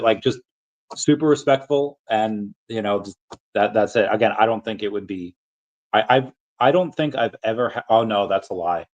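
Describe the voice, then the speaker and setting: Rambling American man, lowish voice. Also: normal speed, dull audio. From United States. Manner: rambling, many restarts and fillers. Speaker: livestream host answering chat. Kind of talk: casual livestream chat.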